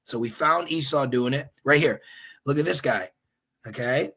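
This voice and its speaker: Man, gravelly and husky, a religious teacher who gets animated and keeps checking in with his listeners. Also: medium pitch, normal speed. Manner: animated, exhorting, repeats "okay?". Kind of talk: informal teaching while searching online.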